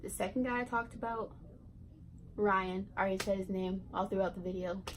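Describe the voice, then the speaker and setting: A woman's voice: medium pitch, fairly even intonation, a little fast, a little hiss or hum, poor audio. A teenage girl vlogger telling a casual storytime, rambling and giggly, full of "like" and "right". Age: teens.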